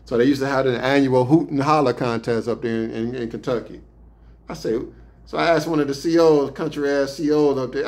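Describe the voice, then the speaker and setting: Male storyteller, casual streetwise slang, profane, mid-range voice, relaxed anecdotes. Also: medium pitch, a little fast. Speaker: podcast host telling prison stories.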